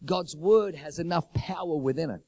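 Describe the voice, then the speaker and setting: A man's voice: fairly high pitch, moderate pace, creaky, a little mellow. A man preaching a sermon, repeating his phrases for emphasis and building urgency.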